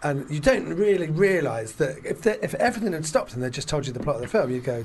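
A man hosting a casual podcast chat, retelling film scenes in a rambling, animated way with lots of fillers. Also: on the high side, fast talker, hardly any pauses, slight background noise. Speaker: podcast host.

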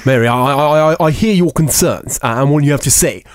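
A man's voice: on the high side, brisk, no echo, close to an everyday voice. A man impersonating a bumbling prime minister who stammers and dodges questions. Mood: blustering. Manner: stammering, flustered, evasive. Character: bumbling posh male prime minister, evasive.

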